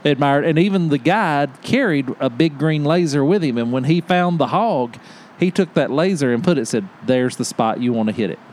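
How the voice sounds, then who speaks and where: A man on a podcast telling a hunting story in casual chat, animated and laughing often as he acts out what people said. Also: on the high side, moderate pace, a little hiss or hum. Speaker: podcast host.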